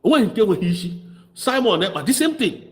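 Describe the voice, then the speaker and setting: A man's voice: sits high, very animated, normal speed, darkish tone. A man with a Nigerian Igbo accent giving fiery, mocking political commentary. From southeast Nigeria. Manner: mocking, impassioned, switches into Igbo.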